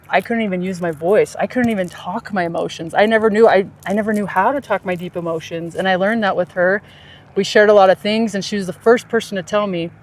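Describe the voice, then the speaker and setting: A woman in casual podcast talk recounts her own story with lots of energy. Her voice leaps upward when she gets excited, then sinks to a soft, low murmur when she turns reflective. She laughs easily along the way. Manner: animated, jumps high in pitch when quoting others. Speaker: podcast host telling a personal story.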